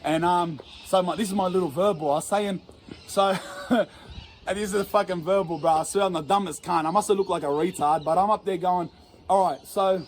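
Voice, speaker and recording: A man's voice: high voice, fairly quick, a little mellow, a little hiss or hum. A man with an Australian accent telling a rambling, profane story in casual slang and laughing at himself. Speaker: storyteller in an interview clip.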